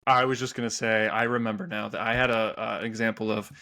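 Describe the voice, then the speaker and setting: A man co-hosting a podcast, telling workplace stories in a relaxed, chatty way. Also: on the low side, fast. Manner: chatty storyteller, playful quoted voices. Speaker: podcast co-host. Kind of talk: casual chat.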